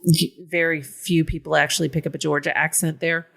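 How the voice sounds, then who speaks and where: A woman with a slightly low voice and a fried, gravelly edge, chatting casually as a podcast co-host. She rambles, mocks herself and breaks into laughter often. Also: level tone, brisk, a bit bright. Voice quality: vocal fry. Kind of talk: casual chat.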